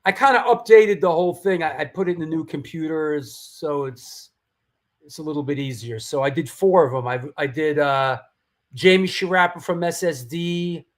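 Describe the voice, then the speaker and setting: A man hosts a live hardcore music stream, chatting casually in a fairly high voice at normal speed. He rambles and swears, with restarts and storytelling asides.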